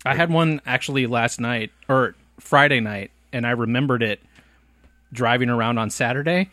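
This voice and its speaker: A man's voice: mid-range voice, normal speed, sharp tone, dry recording. A man hosting a casual podcast, joking crudely and laughing often. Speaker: podcast host.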